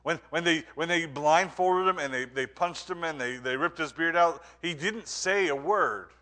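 A man preaching a sermon as pastor, earnest, moving between emphatic points and hushed, quiet lines. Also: a little high, normal speed.

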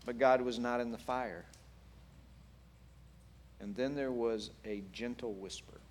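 A man preaching a sermon in an animated, playful way with wry humor. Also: medium pitch, measured pace. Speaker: pastor.

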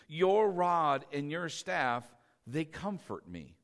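A middle-aged pastor preaching in a fairly high male voice. He fires off questions, answers them himself and swells louder on key lines. He calls on the congregation to repeat the words after him. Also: big pitch swings, slow pace. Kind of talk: sermon.

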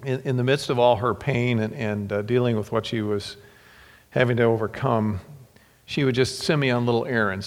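In a sermon, a middle-aged male preacher shares personal stories in a halting, heartfelt way, repeating words and whispering the tender lines. His voice is on the low side with vocal fry, and the recording carries long hall reverb.

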